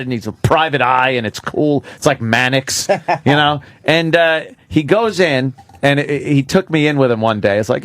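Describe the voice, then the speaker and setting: A man's voice: medium pitch, normal speed, a bit bright, dry recording. A man, co-hosting a radio show and telling stories casually, with lots of swearing and laughter. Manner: profane storytelling, laughs often. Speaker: radio co-host.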